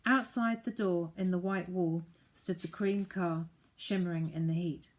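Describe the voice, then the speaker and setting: Slow, measured woman narrating a storybook. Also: fairly low pitch, steady tone. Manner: measured and deliberate. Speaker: audiobook narrator.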